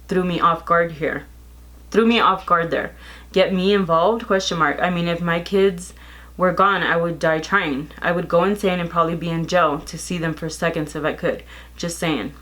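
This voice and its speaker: Woman in her 30s venting on a storytime vlog, kinda low voice, fired up. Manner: animated, exasperated retelling with quoted texts. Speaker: vlogger. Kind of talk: casual storytime chat.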